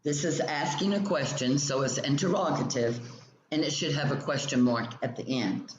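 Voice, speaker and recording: Guy reading grammar lesson slow n methodical, kinda echoey room, faint hiss in the back. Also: fairly high pitch. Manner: slow, methodical explanation with example sentences. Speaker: teacher. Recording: roomy, dull lo-fi sound with faint ambient noise.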